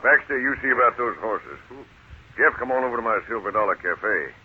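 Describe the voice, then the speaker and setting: A sly frontier schemer. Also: male voice, on the low side, animated, fairly quick, husky. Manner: sly, mocking, falsely friendly. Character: scheming smooth-talking frontier store and cafe owner. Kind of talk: 1940s radio acting. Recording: tinny, hissy old radio broadcast.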